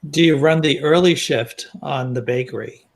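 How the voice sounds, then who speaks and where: A man's voice: mid-range voice, normal speed, gravelly. A man chatting casually as a guest, teasing the others and stumbling over restarts. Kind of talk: casual chat.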